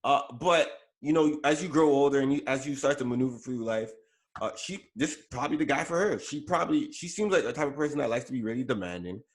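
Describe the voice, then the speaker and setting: A fast-talking man with a mid-range voice co-hosts a podcast, casually chatting about celebrity news. He uses frequent fillers and keeps correcting himself in this pop culture conversation.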